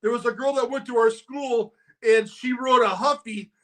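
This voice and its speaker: A man in his sixties hosting a podcast, chatting casually and excitably, saying "dude" a lot. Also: very high voice, normal speed. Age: 60s. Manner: excitable, peppers speech with "dude". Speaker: podcast host. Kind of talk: casual chat.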